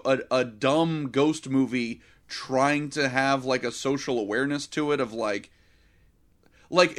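Male co-host for a film podcast, mid-pitched, quick to pick a movie apart, loose and chatty. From Florida. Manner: animated, critical, lots of filler words. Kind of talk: casual film review chat.

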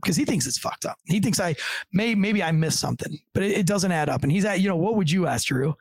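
A man's voice: high voice, lively intonation, fast talker, no echo. A man who works as a police officer, telling a long story in casual, profane talk and acting out the lines of the people in it. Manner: profane, acts out the voices of others in his stories.

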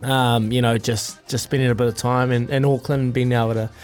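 Kiwi radio bloke, easygoing breakfast show chat, mid pitch, rambly with lots of laughs. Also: male voice, little pitch movement, fairly quick, soft background music. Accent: New Zealand. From New Zealand. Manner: laid-back storytelling with frequent laughs and fillers. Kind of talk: casual radio banter. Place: radio studio.

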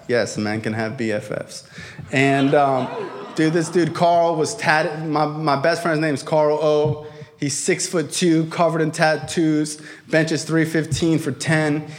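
High-voiced man telling a rambling story. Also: steady tone, measured pace. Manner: rambling, casual, lots of fillers and profanity. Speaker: stand-up comedian. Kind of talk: stand-up storytelling.

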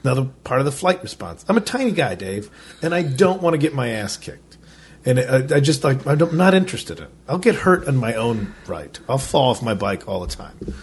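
Brief: male podcast co-host, mid-pitched, loose and profane, acts out quotes in his anecdotes. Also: fairly quick, husky. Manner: animated storyteller who acts out other people's lines. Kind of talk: casual chat.

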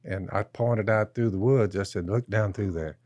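A man telling a slow, folksy outdoor story and turning it into Bible teaching, repeating "I said" as he goes. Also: lowish voice, a little mellow, no room sound. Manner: slow, drawn-out storyteller who keeps repeating "I said". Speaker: podcast co-host.

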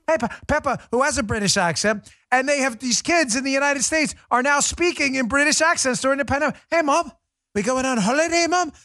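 A brash New man hosts his commentary show, firing off jokes in a fast, animated voice. His voice sits high for a man and rings bright. The sound is dry and close, with no room around it. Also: dry recording. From New York. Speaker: podcast host.

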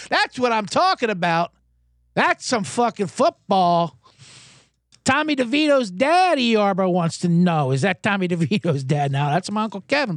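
A man's voice: sits high, a bit bright, no echo, clean studio sound. A man hosting a comedic sports podcast, talking in a profane, rambling, self-deprecating way. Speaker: podcast host.

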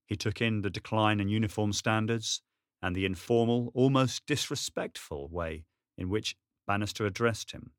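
A low-voiced man narrates an audiobook from a script, telling the story in a steady, measured way. The clean studio recording is dry.

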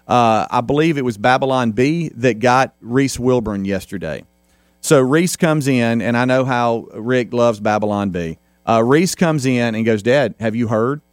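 A man's voice: mid-range voice, expressive, measured pace, no echo, clean studio sound. A middle-aged man hosting a casual talk radio show, rambling with lots of fillers and restarts.

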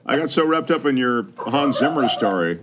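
A man's voice: mid-range voice, big pitch swings, normal speed, over loud music. A man co-hosting a casual panel podcast, chatting expressively and agreeably. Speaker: podcast co-host.

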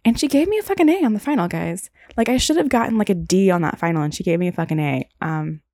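Young woman, podcast host, gravelly low voice, dry close sound, rambling casual storytelling. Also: animated, fast, darkish tone, dry recording.

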